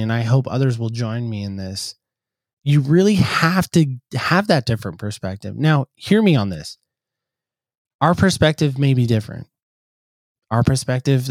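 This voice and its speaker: A man's voice: medium pitch, no echo, studio quality. A man being interviewed as a guest, telling stories in an earnest way and acting out the voices he quotes. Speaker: podcast host, guest. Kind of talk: conversational storytelling.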